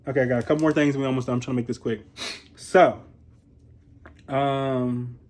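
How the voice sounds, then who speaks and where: A young man from Ohio giving a casual, profane commentary on a reality show. He is chatty, laughs often and makes animated asides. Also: mid-range voice, normal speed. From Columbus, Ohio, USA. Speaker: reality TV reviewer.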